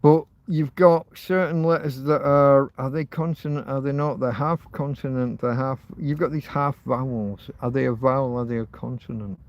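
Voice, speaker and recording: A man's voice: medium pitch, steady tone, normal speed, hardly any pauses. A man hosting a livestream, chatting in a rambling, casual way, thinking aloud with frequent ums and false starts. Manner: meandering, thinks aloud with many ums and restarts. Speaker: livestream host. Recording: faint background noise.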